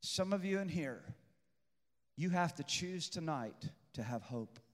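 A man preaches with a high voice, building to shouts and dropping to intense hushed stretches. He hammers phrases by repeating them. His voice rings out with a long reverb in a large church hall. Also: expressive, a little slow. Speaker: pastor. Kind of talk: preached sermon.

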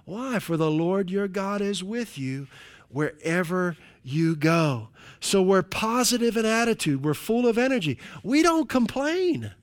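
A man preaching a sermon in an animated way, with frequent calls of hallelujah and joking asides to the congregation. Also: high-pitched, unhurried. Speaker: pastor.

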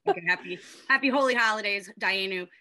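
A woman's voice: medium pitch, fast talker, sharp tone. A woman guest on a podcast, an astrologer and comedian chatting casually, joking, swearing and rambling.

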